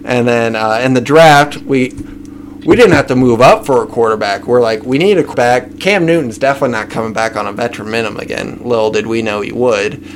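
A man hosts a loose sports podcast, reeling off lists at a steady middle pitch and needling his guests. A faint hiss of noise sits under his voice. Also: fairly quick. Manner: runs through lists, teasing. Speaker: podcast host. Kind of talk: casual sports chat.

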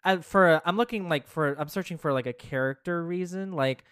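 A podcast co-host talking through ideas in casual chat, hedging and restarting as thoughts form. The voice is smooth and clear, recorded dry and close with no room sound. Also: mid-range voice, normal speed, fairly bright tone, dry recording.

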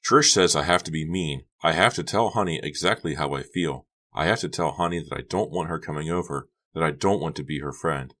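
A man voicing a high-strung, upset teenage girl who talks shrilly and anxiously in an audiobook. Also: a little fast, few pauses, fairly bright tone. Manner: shrill and agitated. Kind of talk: audiobook character voice.

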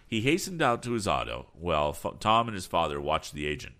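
A man narrating an audiobook in a steady, expressive storytelling manner. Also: rumbling low, brisk, hardly any pauses. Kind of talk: scripted narration.

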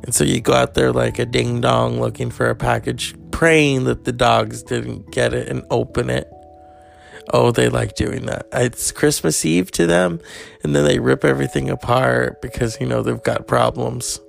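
A man's voice: mid-range voice, steady tone, moderate pace, vocal fry, soft background music. A man hosting a podcast, rambling through a crude comedic monologue with mock outrage and lots of profanity. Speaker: podcast host.

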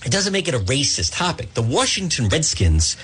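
Male radio host, husky tone, lively pitch, emphatic, argumentative monologue. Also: a little fast, soft background music. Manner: combative and emphatic, stumbling restarts. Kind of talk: opinionated talk radio monologue.

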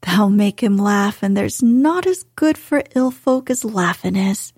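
A woman voicing a cheerful Yorkshire moor boy in a storybook reading, in a soft husky voice with a Yorkshire accent. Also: medium pitch, lively intonation, measured pace, no echo, clean studio sound. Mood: amused.

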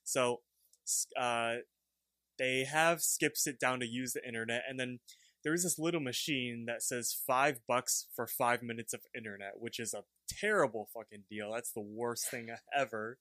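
A young man chatting on a podcast, telling a cartoon plot in a loose, rambling way and slipping into quick voices for the characters. His voice sits mid-range, and the sound is dry and close with no room behind it. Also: mid-range voice, bright, forceful tone, no room sound. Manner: rambling, acts out characters' lines while retelling. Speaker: podcast co-host. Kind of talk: casual chat recapping a cartoon episode.

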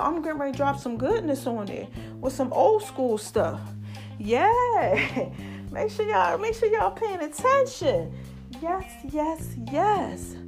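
Woman host, high-pitched, casual monologue, animated, laughs a lot, faint background music. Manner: chatty and animated, laughs often, calls listeners y'all and baby. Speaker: podcast host.

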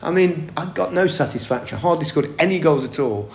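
A middle-aged man with a gravelly, creaky edge recalls stories as an interview guest. He talks in a chatty, anecdotal way, breaks into laughter often and restarts his sentences mid-thought. The voice sits in an echoey room. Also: on the high side, lively intonation, a little fast. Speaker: guest, former footballer. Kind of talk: casual interview storytelling.

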